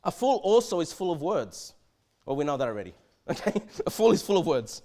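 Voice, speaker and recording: A man with an Australian accent preaching a sermon in a church, conversational and animated, often stammering and restarting his sentences. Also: a little high, a little fast. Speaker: pastor.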